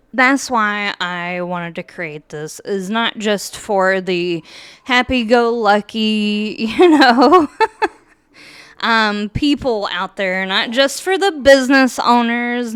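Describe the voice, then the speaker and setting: Slow, soft-spoken woman podcast host. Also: medium pitch, clear, resonant tone, no echo, clean studio sound. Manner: slow, soft-spoken, with fillers and nervous laughs. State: emotional, holding back tears. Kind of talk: casual chat with a read-aloud book introduction. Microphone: podcast mic.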